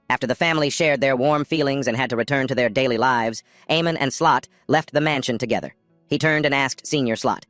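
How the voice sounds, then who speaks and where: A man's voice: mid-range voice, brisk, a bit bright, dry recording, studio quality. Man narrating a comic recap. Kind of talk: scripted narration, manhwa recap. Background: faint music.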